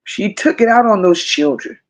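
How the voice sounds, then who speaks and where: A woman's voice: on the high side, lively intonation, moderate pace, creaky. A woman hosting a live stream, reading viewer comments and reacting with emphatic repetition. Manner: emphatic, repeats phrases, chats to viewers by name. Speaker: host reading live chat.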